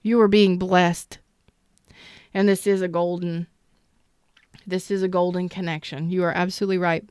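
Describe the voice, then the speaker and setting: A woman's voice: on the low side, little pitch movement, normal speed, long pauses, darkish tone, smooth, no room sound, clean studio sound. A woman giving a live-streamed tarot reading who talks candidly and swears freely, greets viewers in the chat, and speaks with strong emotional intensity. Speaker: tarot reader.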